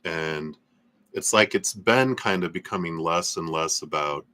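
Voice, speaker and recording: Deep-voiced man rambling through a tarot reading. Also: a little slow, pushed and bright. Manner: loose, rambling, with frequent fillers and laughs. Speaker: tarot reader. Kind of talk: live tarot reading stream.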